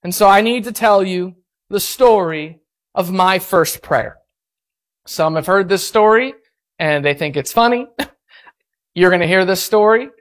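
Guy preaching a sermon at church, animated storyteller, pokes fun at himself. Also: high voice, unhurried, long pauses. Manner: storytelling, animated and self-mocking. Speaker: pastor.

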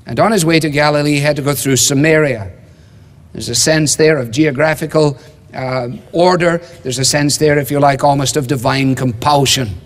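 Male preacher, somewhat high voice, emphatic teaching, long reverb of a church hall. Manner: measured, emphatic teaching with rhetorical questions. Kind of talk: expository sermon.

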